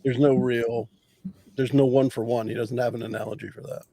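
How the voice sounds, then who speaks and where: A man's voice: mid-range voice, flat delivery, brisk, vocal fry, mellow. A man playing a tabletop game, thoughtfully explaining his character's point of view. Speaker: player. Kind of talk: casual tabletop play.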